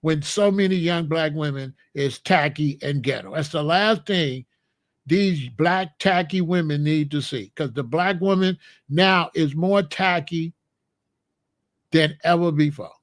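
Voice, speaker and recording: High-pitched guy going off on a rant to the chat, blunt and preachy, dry mic. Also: unhurried, no echo. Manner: blunt, emphatic and scolding. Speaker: commentator. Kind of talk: opinionated monologue to a live chat.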